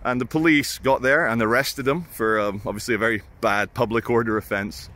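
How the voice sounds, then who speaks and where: A man's voice: medium pitch, fairly even intonation, fairly quick, sharp tone. Rambling British man telling stories. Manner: rambling, crude, self-mocking. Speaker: vlogger. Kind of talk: casual anecdotal storytelling.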